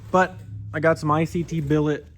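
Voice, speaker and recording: A man's voice: a little high, little pitch movement, fairly quick, slight background noise. A man showing his car project in a garage, rambling and joking as he talks to viewers. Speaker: car builder vlogger. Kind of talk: casual garage walkthrough.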